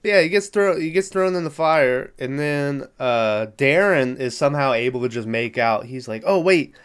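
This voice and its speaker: A man's voice: mid-range voice, normal speed, clean tone. A man hosting a podcast, recapping a movie in a rambling, profane, amused way. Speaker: podcast host.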